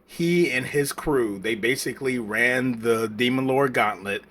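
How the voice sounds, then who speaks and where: Male podcast co-host, husky voice, casual rambling anime talk, full of fillers and restarts. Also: mid-range voice, measured pace, fairly bright tone. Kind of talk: casual anime review chat.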